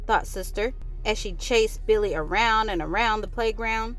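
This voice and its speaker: A woman reading a children's picture book aloud, with expressive delivery and lively character voices. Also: mid-range voice, normal speed, soft background music. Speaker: storyteller.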